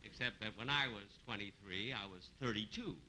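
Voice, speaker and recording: Deadpan older man hosting a noisy 1950s TV show. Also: fairly low pitch, brisk. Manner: dry, deadpan self-mocking delivery. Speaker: TV comedy show host. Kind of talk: 1950s TV variety comedy banter. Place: TV studio stage before a live audience. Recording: noisy 1950s TV broadcast recording.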